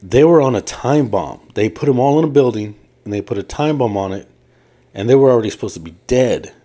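A man's voice: medium pitch, expressive, a little fast, dark tone. A man co-hosting a casual podcast, retelling a story at length and quoting people in his own voice. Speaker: podcast co-host. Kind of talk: casual chat.

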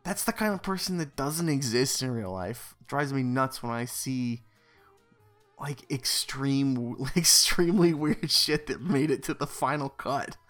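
A man talks through a movie plot on a podcast in a slow, unhurried way. He rambles with plenty of fillers. He keeps slipping in dry, sarcastic jokes. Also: medium pitch, lively intonation, fairly bright tone, soft background music. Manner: rambling, filler-heavy with many "like"s; wry, sarcastic asides. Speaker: podcast co-host. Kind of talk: casual film recap chat.

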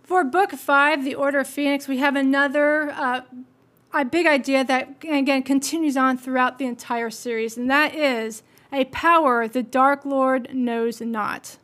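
Woman, podcast host, high pitch, earnest, motivational book commentary. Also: fairly even intonation, measured pace, a bit bright. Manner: earnest, asks listeners questions.

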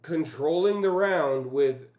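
A man's voice: on the high side, slow, a little mellow. A man co-hosting a casual podcast, blunt and swearing, talking fights with his friends. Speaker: podcast co-host. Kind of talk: casual chat.

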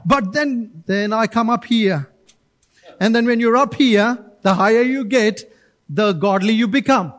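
Pastor guy preaching in church, really high voice, lively, acts out bits. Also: unhurried. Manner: animated preaching with acted-out voices. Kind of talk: sermon.

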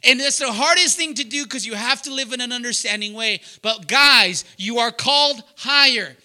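A man preaching loudly and emphatically to young adults, often asking the room to fill in words. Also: very high voice, moderate pace. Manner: loud, emphatic, asks the room questions. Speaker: pastor teaching young adults. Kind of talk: sermon.

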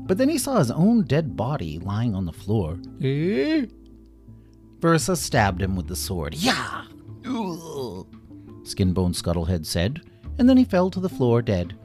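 A man reads a children's tale aloud, his low voice swooping widely as he plays every part. Faint music runs quietly underneath. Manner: animated, acts out every character. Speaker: storyteller. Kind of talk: children's bedtime story narration.

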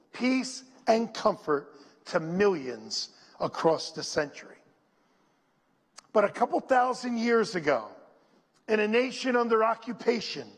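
A male pastor preaching a sermon, leading his congregation to repeat scripture lines and dropping to a near whisper on them. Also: sits high. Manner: slow, drops to a near whisper on scripture phrases; call-and-response with the congregation. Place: church sanctuary. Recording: long reverb in a large hall.

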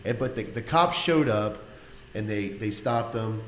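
Excitable man telling a story. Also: on the low side, unhurried. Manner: laughing, acts out quotes, excitable. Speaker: podcast co-host. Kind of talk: casual storytelling. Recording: echoey room with faint noise.

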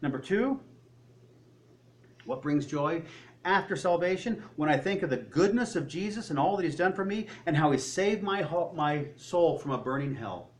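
A man preaching a sermon, swinging between loud, high peaks and low, quiet asides. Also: lively intonation, moderate pace.

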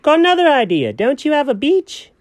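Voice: high voice, huge pitch swings, a little fast, no echo. Fussy, chatty sidekick buddy, as a performer puts him on; swoops up and down, dry close mic. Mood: playful. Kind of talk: improvised audio story.

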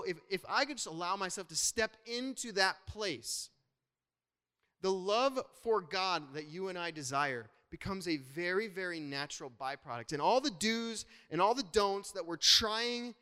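A man delivering a lively sermon from the front of a church, his voice sitting a touch higher than most men's. He preaches in a loose, conversational way, with playful asides and quick shifts in tone as he works the room. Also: smooth, long reverb tail. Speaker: pastor.

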